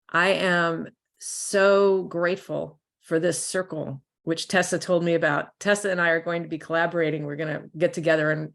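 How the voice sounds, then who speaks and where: A woman's voice: low voice, creaky. A woman speaking up on a video call as an intuitive healer, chatty and heartfelt in her thanks. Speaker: intuitive healer sharing as an audience member. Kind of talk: casual sharing on a video call.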